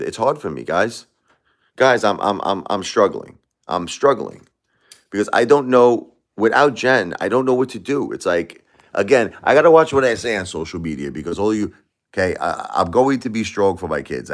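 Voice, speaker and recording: Middle-aged male streamer, low voice, grieving and repetitive, speaks straight to viewers. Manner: grieving, repeats himself, emotional swings. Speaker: livestream host. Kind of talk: emotional livestream talk to viewers.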